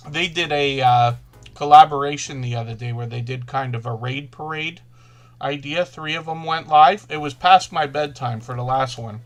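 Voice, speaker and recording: A man hosting a live stream, talking fast and casually, often restarting his sentences as he greets viewers. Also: medium pitch, lo-fi sound, faint music behind. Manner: fast-talking, self-correcting, chatty. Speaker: livestream host.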